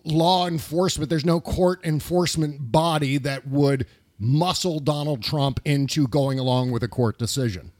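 A man on a political podcast, emphatic and animated, asking rhetorical questions in casual discussion. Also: fairly high pitch, no room sound, clean studio sound.

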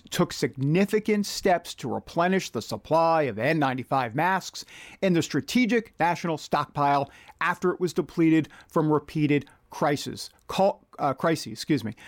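A man's voice: a little high, dry recording, clean studio sound. A man hosting a political commentary monologue, reading out quotes in an indignant, rhetorical manner.

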